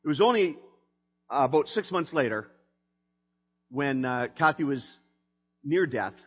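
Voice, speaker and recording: A middle-aged man speaks with a fairly high voice, telling a personal faith story in an easy, conversational way full of fillers. He shifts between lively telling and quiet, subdued stretches. The sound is dull and lo-fi, with a long reverb from a big hall. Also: unhurried, husky. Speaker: speaker sharing a testimony.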